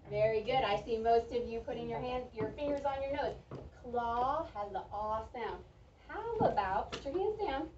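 A woman teaching a reading lesson to a young class, speaking slowly and clearly and praising the children's answers. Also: on the high side, background noise. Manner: slow, clear, encouraging teacher talk with drawn-out words. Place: school classroom. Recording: echoey, distant, dull classroom recording.

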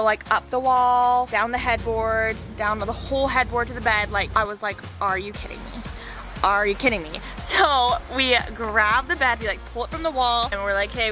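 Woman vlogger, casual storyteller, bright and a touch high, filler-heavy and exasperated. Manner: chatty, lots of "like" and "literally", exasperated storytelling. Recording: light background music.

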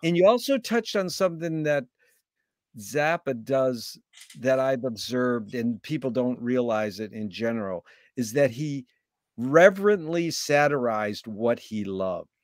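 A man hosting a casual interview, enthusiastic and affirming, quick to praise answers and drop casual slang. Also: medium pitch, expressive, no room sound, studio quality. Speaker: interview host. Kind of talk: casual conversation.

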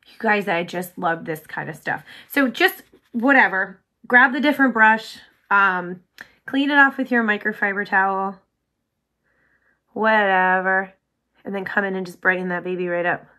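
A woman hosting a casual makeup tutorial, bubbly and chatty, full of "like", often dropping to a soft whisper. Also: medium pitch, moderate pace. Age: adult with sons. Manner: bubbly, chatty, heavy use of "like".

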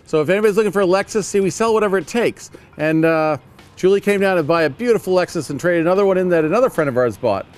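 A man's voice: high-pitched, fast. A man hosting a local TV car-sales show at a dealership, chatty and folksy, with many fillers.

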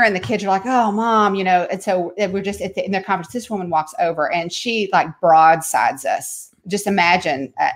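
Earnest middle-aged woman, low voice, heartfelt storytelling that sinks to a hush at tender points. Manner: earnest, drops to a hushed voice in tender moments. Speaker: speaker and author on homeschooling. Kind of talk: emotional personal storytelling in an interview.

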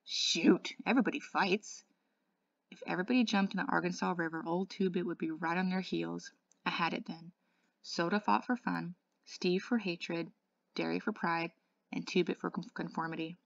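A woman, an English tutor, reading a novel aloud in a steady voice, with small slips and restarts. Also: on the low side, normal speed, creaky, no room sound, highs cut off.

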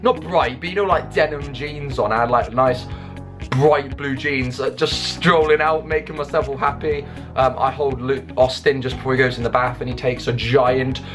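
A young English man talking casually and jokingly at home, rambling with quick restarts and poking fun at himself. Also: medium pitch. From England. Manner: jokey, rambling, self-mocking, with quick restarts. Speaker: YouTuber and songwriter. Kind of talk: casual Q&A vlog.

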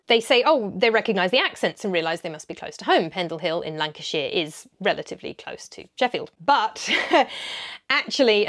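Chatty woman explaining history. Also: mid-range voice. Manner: chatty, frequent ums, occasional laughs. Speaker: history video host. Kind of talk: educational commentary.

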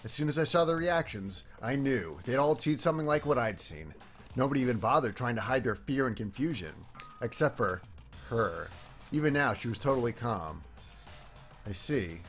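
A man's voice: medium pitch, normal speed, soft background music. A man reading a visual novel aloud, doing voices for the characters with casual asides. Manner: lively, asides and self-corrections between lines. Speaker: game streamer reading and voicing a visual novel.

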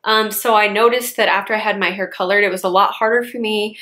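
A woman's voice: medium pitch, fairly even intonation, fast talker, pushed and bright. A young woman in her twenties, a chatty beauty vlogger reviewing hair care products with lots of casual fillers.

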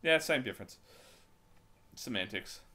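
A man's voice: mid-range voice, expressive, measured pace, pushed and bright. A man hosting a casual podcast chat, joking and steering the topics. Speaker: podcast host.

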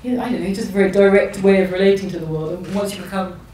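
A woman's voice: mid-range voice, fairly even intonation, very fast, dark tone, distant mic, a little hiss or hum. A woman novelist in her thirties, from England, talking thoughtfully in a public conversation, often restarting her sentences. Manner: thoughtful, hesitant, with many restarts. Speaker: novelist guest. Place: large echoey hall. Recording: echoey hall recording from afar.

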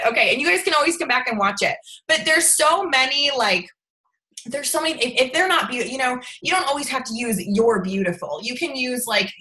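A young woman coaches her sales team over a video call in a bright, sharp voice pitched a little high. She talks in a chatty, animated way with lots of fillers and laughs, and now and then she jumps up in pitch to act out what other people say. The room around her sounds echoey. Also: fairly quick. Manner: acts out quoted voices with big pitch jumps. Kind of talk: casual live video-call training.

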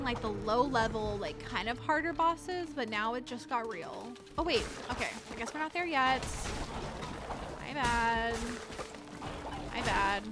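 A woman host giving chatty, excitable gameplay commentary to her viewers. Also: high voice. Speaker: gaming channel host. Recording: game music behind voice. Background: game music.

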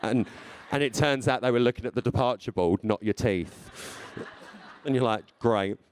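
Speaking at a moderate pace in a mid-range voice, a radio and TV presenter in his thirties addresses a live audience, reading out tweets in a playful, chatty manner with frequent laughter. There's slight background noise.

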